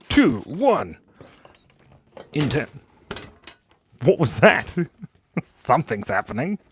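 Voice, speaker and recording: A cheerful, chatty man hosting a live drawing stream, constantly thanking viewers, on a clip-on mic. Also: mid-range voice. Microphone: clip-on lapel mic.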